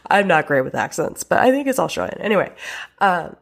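A woman's voice: fairly low pitch, big pitch swings, brisk, gravelly. A woman hosting her own podcast as a relationship coach, talking frankly and chattily, with casual swearing. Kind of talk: casual solo podcast talk.

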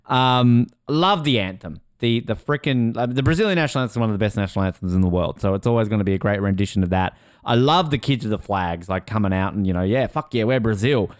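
Excitable podcast host who swears freely and mimics people mid-story; smooth tone. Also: male voice, fairly low pitch, quick pace, hardly any pauses, no echo, studio quality. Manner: excitable, swears, acts out quotes in voices. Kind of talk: casual chat.

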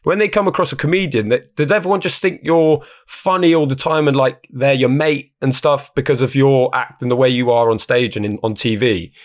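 A man co-hosting a podcast, asking slangy, relaxed questions. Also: mid-range voice, fairly quick, hardly any pauses. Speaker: podcast co-host. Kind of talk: casual podcast chat.

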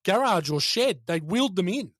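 An Australian man with a notably high voice rants happily about a film as host of a casual review chat. He swears freely and laughs easily. The sound is close and dry. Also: lively intonation, normal speed, a bit bright, no echo. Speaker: podcast host.

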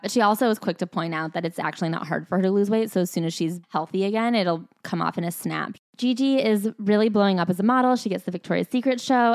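A woman's voice: mid-range voice, no room sound, clean studio sound. A woman co-hosting a podcast, recapping a memoir in casual chat with wry, sarcastic asides. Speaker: podcast co-host.

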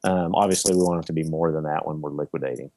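A man's voice: rumbling low, fairly even intonation, quick pace, warm tone, no room sound. A man on a podcast explaining his real estate investing in a casual, example-filled way.

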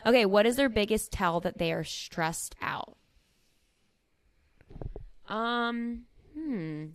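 A woman's voice: medium pitch, expressive, slow pace, smooth. A woman co-hosting a podcast, chatting affectionately with many fillers. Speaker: podcast co-host. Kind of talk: casual chat.

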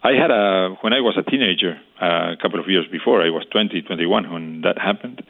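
Older guy, low voice, halting, tinny phone line. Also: vocal fry. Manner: halting, searching for words. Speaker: interview guest. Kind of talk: reflective storytelling.

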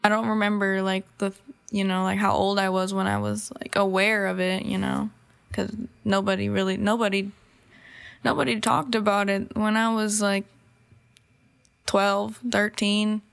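A woman's voice: mid-range voice, little pitch movement, moderate pace, gravelly, clear, resonant tone. A young woman in her early twenties, answering interview questions casually and hesitantly with many fillers. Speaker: guest.

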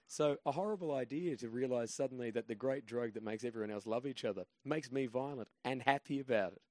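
An Australian man in his twenties, a podcast guest telling stories in a measured, low-key way that turns animated as he goes. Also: no room sound. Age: 20s. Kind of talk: casual storytelling chat.

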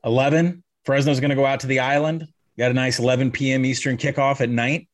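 A man's voice: mid-range voice, flat delivery. A man co-hosting a sports betting podcast, rattling off statistics with wry asides. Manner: quick stats-heavy delivery, wry asides. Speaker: podcast co-host, betting analyst. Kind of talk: casual sports betting chat.

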